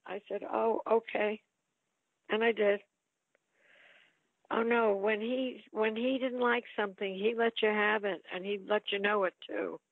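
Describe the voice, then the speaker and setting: A woman's voice: mid-range voice, a little slow, gravelly, no echo. Older lady reminiscing, dry close sound, chatty, quotes people a lot. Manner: chatty storyteller, lively quoted asides. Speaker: actress guest. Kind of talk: reminiscing interview. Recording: tinny phone-like line.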